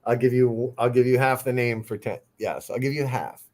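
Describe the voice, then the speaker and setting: A man's voice: medium pitch, fairly even intonation, moderate pace, a little mellow. A man in his fifties from New Jersey, co-hosting a live stream, sheepish and wry as he protests being teased. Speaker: co-host. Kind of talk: casual live-stream chat.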